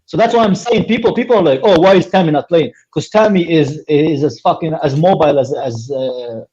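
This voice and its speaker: A man's voice: on the high side, a little fast, darkish tone, slight background noise. A man in a casual football chat, rambling with lots of fillers and swearing, on a dull lo-fi line. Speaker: podcast co-host.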